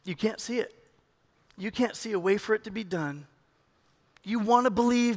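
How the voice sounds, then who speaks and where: A man preaches as pastor in a voice that sits high, speaking at normal speed and pausing often. He jokes and chats with the congregation, calling people up and coaxing them onto the stage.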